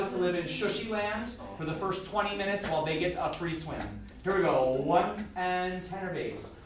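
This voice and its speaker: A man coaching a choir in rehearsal, joking and energetic, sometimes singing short phrases to demonstrate and bursting into loud praise. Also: high-pitched, normal speed, hardly any pauses. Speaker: choir clinician. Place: large rehearsal hall or auditorium. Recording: echoey hall, mic from far off, music. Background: choir and piano.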